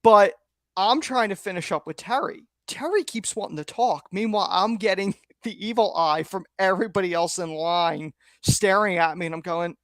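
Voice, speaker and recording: A man co-hosting a podcast, telling a story in a lively way and laughing often. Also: high voice, normal speed, no room sound, studio quality. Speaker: podcast co-host. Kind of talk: casual chat, anecdote telling.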